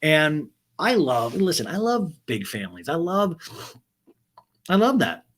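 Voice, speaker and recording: A man hosting a podcast, recapping an episode in a loose, joking, profane ramble with quick impressions of the people he quotes. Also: on the high side, sing-song, a bit bright. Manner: rambling, profane, self-deprecating asides. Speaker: podcast host. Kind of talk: casual comedic recap of a TV episode.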